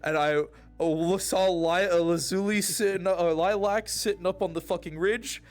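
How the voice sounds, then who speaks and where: A man recapping a roleplay night with loud, profane, animated storytelling. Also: moderate pace. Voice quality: swears freely, gets loud and high when quoting. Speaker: roleplay streamer recapping his character's night.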